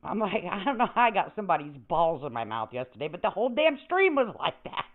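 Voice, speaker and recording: A woman's voice: lowish voice, very animated, fast. An older woman hosting a livestream, ranting in a brash, profane, rambling way, with static on the line. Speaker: livestream host. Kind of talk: casual livestream rant. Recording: tinny phone-like audio with static.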